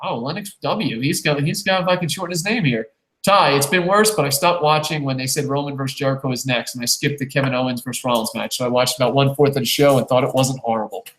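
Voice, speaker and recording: A man co-hosting a casual wrestling review podcast, reading viewer comments aloud in a loose, profane, rambling way with quick jokes. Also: mid-range voice, fairly bright tone. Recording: roomy echo.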